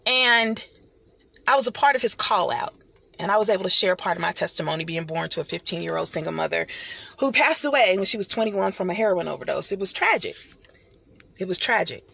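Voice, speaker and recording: A middle-aged woman giving an animated motivational talk, speaking like a preacher and calling her listeners honey and y'all. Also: lowish voice, fast talker, gravelly, breathy edge.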